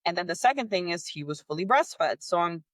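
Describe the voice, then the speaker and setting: A woman's voice: fairly low pitch, fairly quick, no room sound. Candid woman retelling a story, dry sound. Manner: candid, animated, acts out quoted dialogue; exasperated, frustrated. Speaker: podcast host. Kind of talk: personal storytelling.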